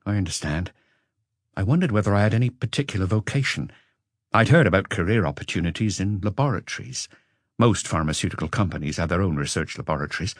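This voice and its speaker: A man's voice: low voice, lively intonation, quick pace, no echo, clean studio sound. A man voicing an exhausted forty-year-old man who answers questions hesitantly and earnestly. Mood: weary.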